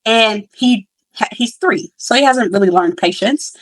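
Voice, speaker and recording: A woman's voice: a little high, measured pace, dry recording, poor audio. Chatty young mother, dry close sound. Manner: chatty, many fillers and restarts; candid and reflective. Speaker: podcast host. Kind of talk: casual storytelling.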